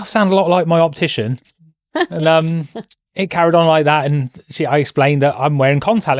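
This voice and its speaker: A man's voice: medium pitch, no room sound. British man with dry humor. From Britain. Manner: self-deprecating, dry humor. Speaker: guest, host's husband. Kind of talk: casual conversation.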